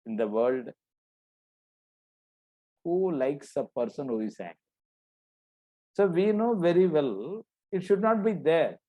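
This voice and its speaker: A man with a Tamil accent teaching a religious philosophy class. He speaks slowly and explains patiently, asking questions and then answering them himself. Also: a little high, sing-song, dark tone, muffled recording. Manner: slow, explaining, asks and answers his own questions.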